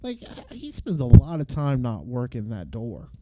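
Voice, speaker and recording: A man co-hosting a casual chat, dropping in wry, quick joking remarks. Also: mid-range voice, wildly swooping pitch. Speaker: podcast co-host. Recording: dull lo-fi audio with faint noise.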